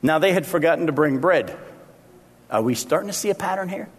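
Animated preacher in an echoey hall. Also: male voice, on the high side, a little fast, slightly rough. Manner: animated, acts out quoted voices. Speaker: pastor. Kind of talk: sermon. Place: church sanctuary. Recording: long reverb of a church hall.

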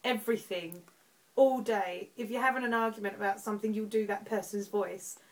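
A woman's voice: mid-range voice, fairly even intonation, brisk, low-quality recording. A woman with an Essex accent co-hosting a home podcast, chatting casually and laughing often. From Essex, England. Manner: giggly, playful, laughs often. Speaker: podcast co-host. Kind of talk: casual chat. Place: home living room, TV on.

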